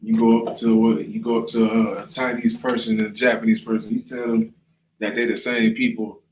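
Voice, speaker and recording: A man's voice: fairly low pitch, little pitch movement, fairly quick, a little mellow, echoey room, slight background noise, poor audio. A man leading a casual Bible class, talking loosely and often checking in with the listener. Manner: conversational, often asks "right?" and "you know what I'm saying?". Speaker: class leader.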